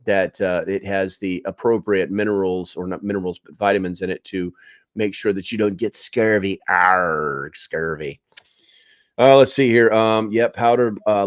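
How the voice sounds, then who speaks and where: Man, casual livestream host, low voice, dry close sound, chatty with lots of ums. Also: dry recording. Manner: chatty, many fillers, calls viewers bro and dude. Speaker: livestream host reading chat.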